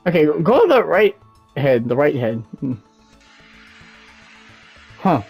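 A young woman plays a co-op game with a friend and keeps reacting with excitement and giggles. Her voice sits low and a little husky, and her pitch jumps around. Faint game music plays underneath. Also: takes it slowly. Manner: excitable, giggly, says bro a lot. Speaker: co-op game partner. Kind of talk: casual gaming chat.

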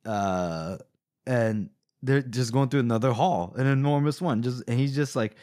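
A man's voice: medium pitch, unhurried, no room sound, studio quality. Laid-back man recapping a book. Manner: relaxed storytelling recap, laughing often. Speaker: podcast co-host. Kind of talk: casual book discussion.

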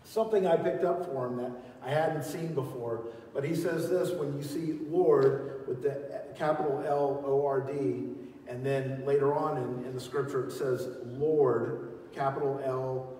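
Preacher booming through an echoey hall. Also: male voice, recorded from a distance, slight background noise. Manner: emphatic preaching, swinging from loud calls to quiet teaching; leads the congregation in call-and-response. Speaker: pastor. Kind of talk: sermon. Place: large church hall.

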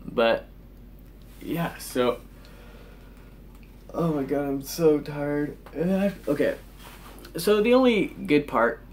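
A teenage boy ranting angrily in a vlog, swearing constantly and sighing in exasperation. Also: mid-range voice. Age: teens. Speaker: vlogger.

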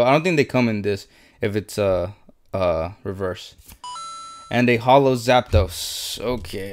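A man's voice: medium pitch, a little mellow, a little hiss or hum. A young man in casual unboxing commentary, listing cards as he sorts them, swearing often and muttering his frustration. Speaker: YouTuber opening trading card packs.

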